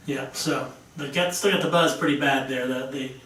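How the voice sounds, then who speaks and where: A man hosting a casual chat show, chatty and quick to repeat himself. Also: medium pitch, fairly bright tone. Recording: echoey room, far from the mic.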